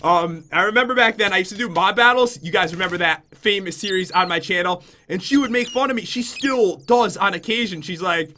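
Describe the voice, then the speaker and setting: A man's voice: high-pitched, a little fast, hardly any pauses, bright, forceful tone, a little hiss or hum. A young man from Connecticut chatting to his viewers in a self-mocking YouTube vlog. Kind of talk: casual vlog confession.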